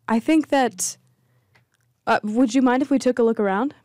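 A woman playing a character in a tabletop game, talking gently and soothingly. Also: fairly high pitch, normal speed, no echo, clean studio sound. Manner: gentle, soothing, laughs often. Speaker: player.

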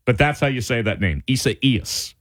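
A man hosting a radio talk show, chatting casually in an animated, rambling way with restarts. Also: mid-range voice, moderate pace. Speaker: radio host.

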